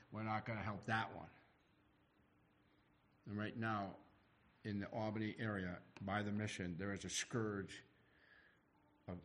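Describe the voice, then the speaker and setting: A middle-aged man preaching a sermon, animated and acting out the voices he quotes. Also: on the low side. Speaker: pastor.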